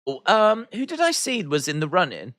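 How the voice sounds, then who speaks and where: A man hosts a live watch-along stream in easy, casual chat, reading viewer comments aloud and answering them with playful teasing. His voice sits a little high and sounds bright and forceful. The sound is dry and close, with no room echo. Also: wildly swooping pitch, moderate pace. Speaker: livestream host.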